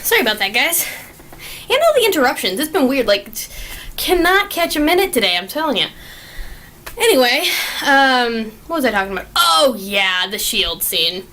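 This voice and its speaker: High-pitched young woman ranting excitedly about a movie, swears a lot, lots of "like"s, rambly and gushing. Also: normal speed, a little hiss or hum. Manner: excitable, gushing, swears freely, many fillers. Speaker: movie reviewer. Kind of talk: casual chat.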